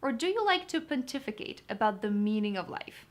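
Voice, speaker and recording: A woman's voice: on the high side, very animated, brisk, slight background noise. A woman teaching vocabulary in an upbeat, chatty lesson, talking to viewers as guys. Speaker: vocabulary tutor. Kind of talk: lively test-prep lesson.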